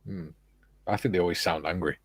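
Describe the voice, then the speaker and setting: A man's voice: sits low, steady tone, fairly quick, husky, no echo. A man hosting a live stream, reading viewers' chat comments aloud and adding dry quips.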